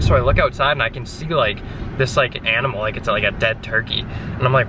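A young man chats to his vlog camera in a loose, rambling way, dropping "like" into nearly every sentence. His voice sits at an ordinary pitch for a man. A steady noise runs under the recording. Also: a little fast. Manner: rambling storyteller, many fillers and "like"s. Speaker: vlogger. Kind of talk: casual vlog chat.

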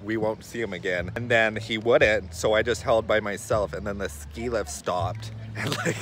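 A young man, chatting excitedly and giggling as he vlogs into a handheld phone outdoors on a ski lift at night. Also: lowish voice, moderate pace. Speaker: vlogger. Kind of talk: casual vlog. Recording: noisy outdoor phone recording.

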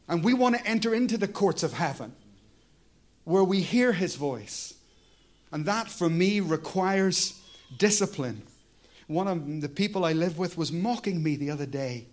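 Pastor guy preaching, kinda high voice, chatty, keeps asking amen?. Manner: conversational preaching, prompting the congregation with "Amen?". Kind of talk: sermon.

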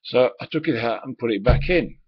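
A man's voice: medium pitch, expressive, fairly quick, breathy edge, no room sound. A man, a former truck driver, tells a rambling anecdote, swearing casually and filling it with uhs and asides. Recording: dull lo-fi recording.

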